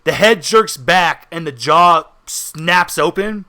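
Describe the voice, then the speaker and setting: A man's voice: on the high side, expressive, takes it slowly, bright, forceful tone. A man narrating a tabletop horror game as game master, with dramatic descriptions and frequent laughter.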